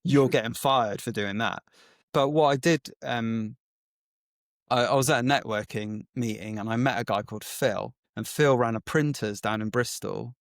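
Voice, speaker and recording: A man tells his story as a podcast guest, lively and chatty, acting out each exchange with plenty of "like" along the way. His voice sits at a mid pitch and sounds close and dry, with no room echo at all. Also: moderate pace, creaky. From England. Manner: animated storyteller who acts out quoted exchanges, frequent "like" fillers. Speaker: guest, agency founder. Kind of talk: casual storytelling interview.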